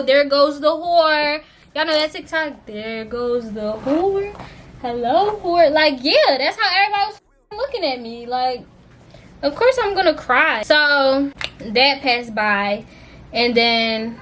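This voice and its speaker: A young woman with a fairly high voice tells a personal story to her channel in a loose, slangy way. She swears freely and talks expressively, and a faint hum of noise sits under her voice. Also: fairly bright tone. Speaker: vlogger. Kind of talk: casual storytime.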